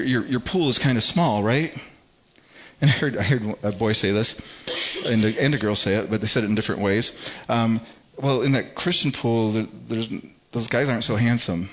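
A middle-aged man preaching as a pastor in a conversational style, with frequent repetitions and acted-out quotes. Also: medium pitch. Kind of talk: sermon. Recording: slightly dull, muffled sound.

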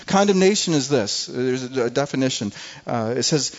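A man's voice: mid-range voice, normal speed, few pauses. A man preaching a sermon with emphasis, often repeating words as he restarts. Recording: muffled lo-fi recording.

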